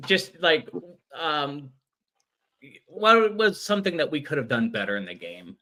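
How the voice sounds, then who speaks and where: Animated man hosting a sports podcast. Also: fairly high pitch, a little slow. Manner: lively, hamming up mock British titles. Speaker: podcast host. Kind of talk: casual sports podcast chat.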